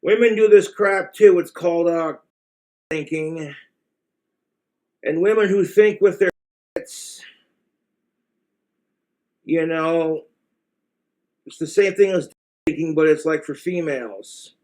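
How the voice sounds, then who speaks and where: A man's voice: fairly high pitch, a little slow, long pauses, a little mellow. A man with an American accent giving blunt, crude, rambling relationship advice in a casual monologue to the camera.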